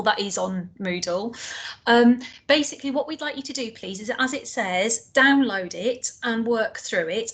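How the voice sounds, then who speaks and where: A woman with a Northern English accent giving an online lecture to trainee teachers, chatty with many ums and restarts. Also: a little high. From Northern England.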